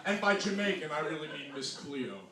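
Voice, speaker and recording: Animated New Jersey comic in echoey hall. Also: male voice, on the high side, fairly quick. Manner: animated, exclamatory, mimics voices. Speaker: stand-up comedian. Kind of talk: stand-up comedy set. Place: small hall with audience. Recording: distant echoey room mic, loud noise.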